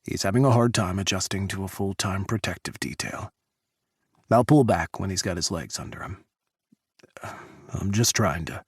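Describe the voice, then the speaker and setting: A man voicing a gruff male Secret Service agent who talks low and guarded in an audiobook. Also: normal speed, pauses often, no echo, studio quality.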